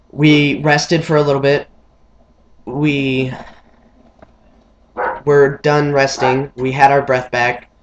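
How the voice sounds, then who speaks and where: A young man rambling through a story to the camera, full of fillers and restarts. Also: background noise. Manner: rambling, filler-heavy, mimics friends in high excited voices. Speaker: vlogger.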